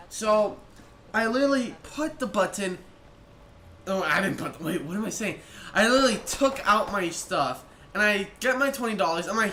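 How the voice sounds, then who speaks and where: A high-voiced young man tells a long story in a casual, rambling way, circling back and restarting his sentences. His voice sounds bright, and it echoes around a room with a faint hiss behind it. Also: expressive, fairly quick. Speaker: vlogger.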